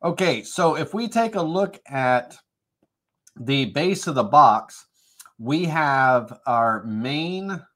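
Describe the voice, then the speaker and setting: A middle-aged man with a bit of a cold talks viewers through a woodworking design on a live stream. He rambles, stops and starts, and fills the gaps with ums and uhs. His voice sits at an ordinary middle pitch. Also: fairly bright tone. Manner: rambling, filler-heavy, self-correcting. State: has a cold, occasional coughs.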